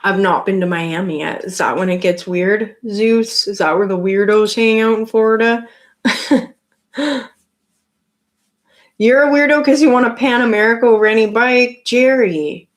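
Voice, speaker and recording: A woman's voice: medium pitch, a little slow, long pauses. Chatty Canadian woman streaming live. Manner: chatty, rambling, many likes and restarts. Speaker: livestream host. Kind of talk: casual live-stream chat with viewers.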